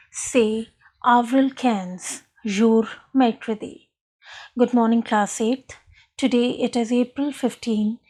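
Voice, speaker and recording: A woman's voice: on the high side, warm tone. A woman teaching a recorded school French lesson, explaining patiently and saying "fine" often.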